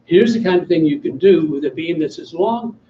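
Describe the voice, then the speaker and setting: Speaking fairly quickly and with animation, this slightly high-voiced Alabama man in his seventies gives a slide-illustrated after-dinner talk as guest speaker, leaning on wry, self-deprecating humor. The banquet-hall recording is distant, echoey and muffled, with a touch of hiss or hum.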